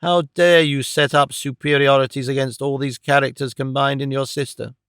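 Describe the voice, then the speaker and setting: A man's voice: medium pitch, level tone, fairly bright tone, clear, resonant tone, no echo, studio quality, lightly acted. A man reading an audiobook voices a frail old man whose trembling voice turns fierce and indignant. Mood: indignant scolding. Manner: slow, earnest, protesting.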